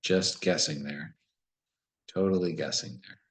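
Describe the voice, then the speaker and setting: A man's voice: rumbling low, steady tone, measured pace, a bit bright, poor audio. A man solving a word puzzle and thinking aloud in a casual, musing way, often questioning himself. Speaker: puzzle solver.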